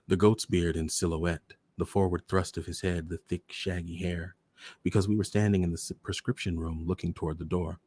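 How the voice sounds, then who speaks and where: A man hosting a storytime show, reading a short story aloud in a measured, deliberate way. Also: low-pitched, little pitch movement, darkish tone, husky. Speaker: storyteller host.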